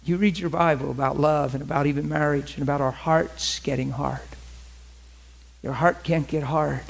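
A man's voice: a little high, gravelly, slightly rough. Man preaching in a raised voice. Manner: conversational preaching with acted-out quotes. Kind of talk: sermon.

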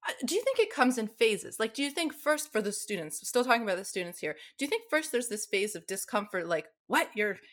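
A woman's voice: fairly high pitch, very animated, quick pace, few pauses, a bit bright. Thoughtful woman host asking questions. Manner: thoughtful, hesitant with fillers. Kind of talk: conversational interview.

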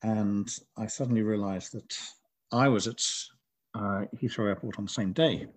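Middle-aged man, author being interviewed, low-leaning voice, reflective and meandering. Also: fairly even intonation, normal speed, no room sound. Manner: thoughtful, rambling with frequent restarts. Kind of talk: casual interview chat.

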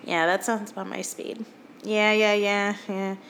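A woman's voice: mid-range voice, flat delivery, measured pace, creaky, a bit bright, a little hiss or hum. A woman in her thirties co-hosting a podcast in casual chat, giggly and rambling, with many fillers and restarts. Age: 30s. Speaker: podcast co-host.

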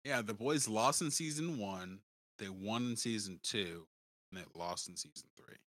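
Low-pitched, bright male podcast co-host. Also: moderate pace, no room sound. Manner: relaxed, slangy, laughs easily. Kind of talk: casual chat.

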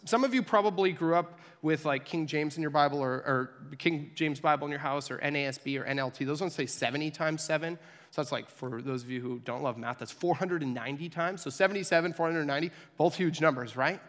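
A man's voice: fairly high pitch, fast, a bit bright. A young man giving a casual, joking sermon, chatty and full of acted-out asides. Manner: chatty and joking, acts out little voices in stories. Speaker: pastor. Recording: long echo of a large hall.

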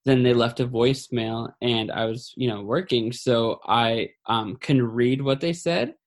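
A man sharing a personal story in a halting, somber way. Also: mid-range voice. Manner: halting, full of fillers and restarts; somber, grieving.

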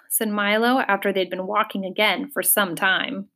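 A woman reading a children's fantasy novel aloud in a measured, expressive storytelling voice. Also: medium pitch. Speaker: audiobook narrator. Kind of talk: scripted narration.

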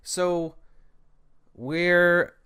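A man's voice: high voice, fairly even intonation, extremely slow, sharp tone, smooth. A young man hosting a podcast, telling a long story in a rambling, breathless way, tired after a hard day. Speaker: podcast host. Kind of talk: casual solo storytelling.

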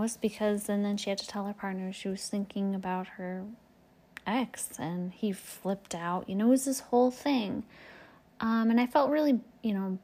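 A woman speaking candidly and openly about her own intimate experiences, in a soft, confessional monologue with frequent fillers. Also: mid-range voice. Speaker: relationship speaker.

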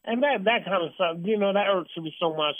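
A man hosts an uncensored call-in talk show, ranting bluntly and heatedly. His voice sits fairly high. The sound is dry and thin, like a phone line. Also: a little fast, dry recording. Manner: blunt, heated ranting with mocking put-on quotes.

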